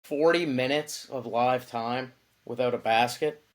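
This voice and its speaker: A man co-hosting a casual sports podcast, making wry, deadpan quips. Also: mid-range voice, unhurried. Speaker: podcast co-host.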